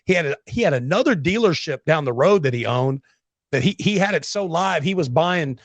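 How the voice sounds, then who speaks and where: A man hosting a casual podcast conversation, his voice sitting a little high for a man. He tells brash, competitive stories, calling his guest bro. The mic is close and the room dead dry. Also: lively intonation, brisk, no room sound. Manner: brash, storytelling, says bro a lot. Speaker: podcast host. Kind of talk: casual interview chat.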